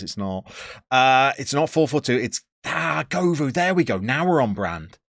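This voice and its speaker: A man's voice: mid-range voice, expressive, unhurried, gravelly, fairly bright tone, no room sound, clean studio sound. A British man live-streaming a football manager game, chatting casually, reading out viewers' messages and poking fun at himself. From United Kingdom. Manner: chatty, self-mocking, reads out chat.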